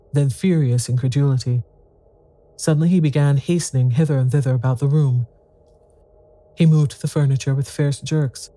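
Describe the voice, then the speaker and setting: Dark-toned audiobook narrator. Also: mid-range voice, no room sound. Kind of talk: audiobook narration of a ghost story.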